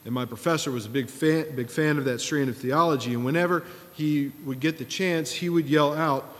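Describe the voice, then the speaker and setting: A man in his thirties preaching a sermon in a relaxed, storytelling way, with wry asides. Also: fairly high pitch, moderate pace, in a large hall. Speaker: pastor.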